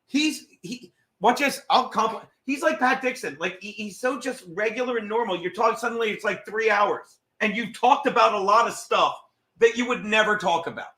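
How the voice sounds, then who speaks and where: A man hosting a comedy podcast, ranting casually in a profane, mocking, excitable way. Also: sits high, moderate pace. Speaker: podcast host. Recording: roomy echo.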